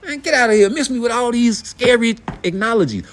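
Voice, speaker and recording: A man's voice: extremely high pitch, fairly quick, slight background noise. A middle-aged man, hosting a blunt, profane, heated rant about boxing. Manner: blunt, profane, animated, rhetorical questions. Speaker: boxing commentary host.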